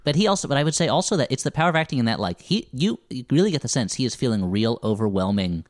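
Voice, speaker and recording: A man co-hosting a podcast, chatting about a TV series with quick jokes and asides. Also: mid-range voice, expressive, no echo, clean studio sound. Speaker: podcast co-host. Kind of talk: casual recap chat.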